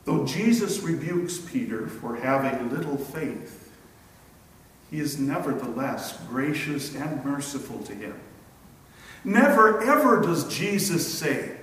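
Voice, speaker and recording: A pastor preaching a sermon, slow and emphatic, with dramatic pauses. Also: male voice, medium pitch, lively intonation, fairly bright tone. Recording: echoey church hall from far off.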